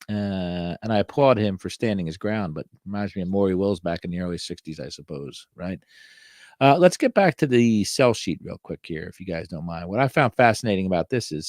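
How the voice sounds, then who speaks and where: A man's voice: low voice, darkish tone, no room sound, studio quality. A middle-aged man hosting a sports card show, reviewing old cards in a casual, wry way with many fillers and joking asides.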